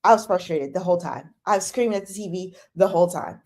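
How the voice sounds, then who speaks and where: Gushing, then exasperated, a young drama live-chat host acts out her own reactions in a lively, casual way. She speaks fast in a fairly low voice.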